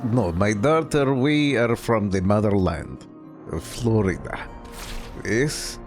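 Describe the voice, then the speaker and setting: Man doing thick-accented Russian papa, loud, slow, hammy. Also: lively intonation, over music. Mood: fond. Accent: put-on Russian. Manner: booming, drawn-out, theatrical. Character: boisterous thick-accented Russian father, middle-aged.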